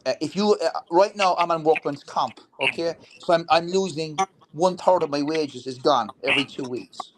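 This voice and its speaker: A man with a slightly high voice speaks bluntly and heatedly about politics, cursing and stumbling into repeated restarts. A faint hiss of noise sits under the recording. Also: normal speed, few pauses. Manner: blunt, repetitive, swears, many restarts. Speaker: veteran political talk show guest.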